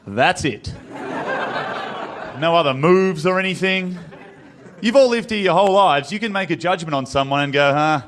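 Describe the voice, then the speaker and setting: A man from Australia with an Australian accent, telling animated stand-up stories in a live club. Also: high-pitched, moderate pace, long pauses, background noise. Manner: animated storytelling with acted quotes. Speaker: stand-up comedian. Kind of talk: stand-up set.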